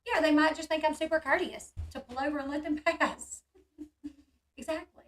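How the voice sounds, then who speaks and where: A woman with a high, bright voice tells a story in a casual hangout chat. She gets animated and acts out the quoted voices. She sounds a little distant from the mic. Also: normal speed. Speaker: channel host.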